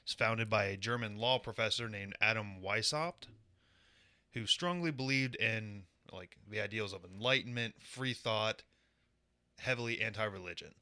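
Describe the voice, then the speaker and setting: Low-voiced bright-toned co-host. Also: male voice, normal speed, no echo. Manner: dry, explanatory, with crude asides. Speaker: podcast co-host presenting a conspiracy segment. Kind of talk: casual podcast chat.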